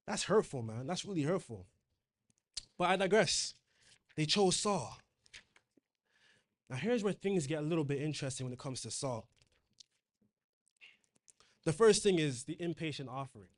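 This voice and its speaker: A man's voice: on the high side, lively intonation, moderate pace, long pauses. A man preaching a sermon in a conversational way, reading scripture aloud and retelling it in casual slang.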